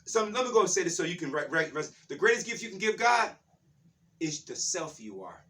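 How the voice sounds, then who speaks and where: A man's voice: sits high, sing-song, fairly quick, a bit bright, far from the mic. A man giving a spiritual talk in a fired-up, preacher-like way, repeating his phrases. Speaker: spiritual speaker.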